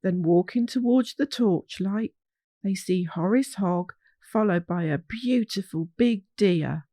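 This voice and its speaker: Slow, gentle woman storyteller. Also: fairly low pitch, no room sound. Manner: gentle, measured reading aloud. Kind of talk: children's storybook narration.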